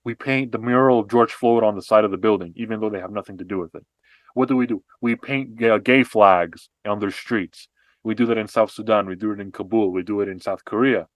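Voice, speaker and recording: A man co-hosting a podcast, explaining history and politics in an animated, casual way with frequent restarts and fillers. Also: fairly low pitch, brisk, dry recording. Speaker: podcast co-host.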